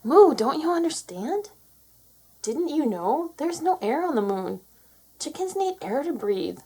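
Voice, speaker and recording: A woman voicing a bossy, excitable cow in a children's storybook, talking high and lively. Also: unhurried, exaggerated voice. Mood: lecturing. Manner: bossy, exclaiming. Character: excitable know-it-all cow, female.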